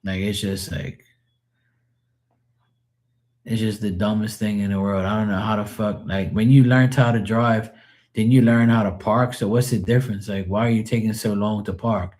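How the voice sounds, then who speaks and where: A man's voice: lowish voice, fairly even intonation, normal speed, a little mellow. A man in his forties chatting casually on a live stream, rambling through profane stories.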